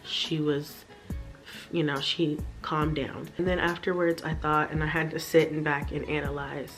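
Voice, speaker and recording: A young woman talks to her camera from her bedroom, her low voice worn down by a stressful day. She speaks candidly and swears freely, addressing her viewers directly. A faint music bed plays under her talk. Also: flat delivery, measured pace. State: tired and stressed. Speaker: vlogger, mother.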